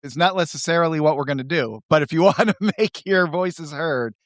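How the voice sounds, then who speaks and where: A man's voice: a little high, brisk, no echo, clean studio sound. A man co-hosting a podcast in casual chat, reading comic strips aloud and laughing along, with faint music behind. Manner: animated, laughs while reading. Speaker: podcast co-host.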